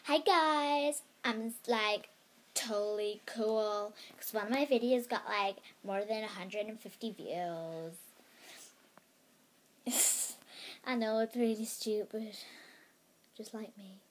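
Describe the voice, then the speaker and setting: A woman's voice: mid-range voice, slow pace, lightly acted. A woman putting on an American accent to play a bubbly, boastful girl vlogger who gushes and keeps saying "like". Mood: gushing. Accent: American (put on). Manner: gushing, peppered with "like".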